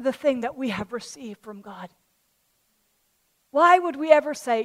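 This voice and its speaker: A woman pastor preaching a sermon, swinging between loud fervent declarations and quiet conversational asides, telling a parable in a chatty way. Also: sits high, animated, measured pace, pauses often. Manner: tells a parable in a chatty storytelling way.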